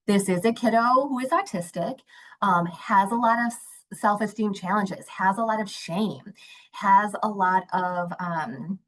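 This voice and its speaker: A woman's voice: medium pitch, rough recording. A woman, a mental health director, giving a conversational webinar talk and telling stories from her work with children. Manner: warm, conversational, acts out a child's voice in anecdotes. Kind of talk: webinar presentation with storytelling.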